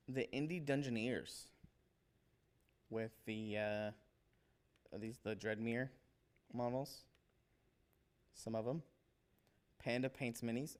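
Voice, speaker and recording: A man's voice: mid-range voice, fairly even intonation, slow, long pauses, smooth. A man hosting a casual livestream, rambling with enthusiasm and tripping over names as he talks through fan work. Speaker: livestream host showing painted miniatures.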